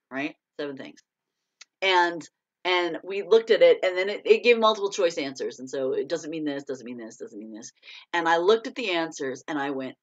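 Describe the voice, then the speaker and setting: A middle-aged American woman, an author, chatting casually to a live audience, laughing often and breaking into excited bursts. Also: low-pitched, moderate pace. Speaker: author hosting a live chat. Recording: dull lo-fi stream audio.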